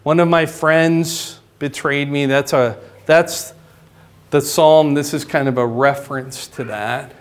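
A male pastor teaching a sermon in a conversational way, often checking in with "right?" and "okay?", his voice climbing higher and louder to stress a point. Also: fairly even intonation, slow. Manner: rises in pitch and volume for emphasis.

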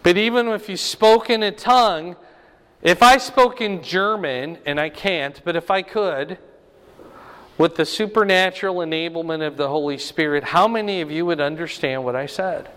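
A man with a fairly high, smooth voice leads a Bible lesson in easy conversational style. He keeps checking in with his listeners, asking "right?" as he goes. The sound rings with the long reverb of a big hall. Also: normal speed, fairly bright tone. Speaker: Bible teacher.

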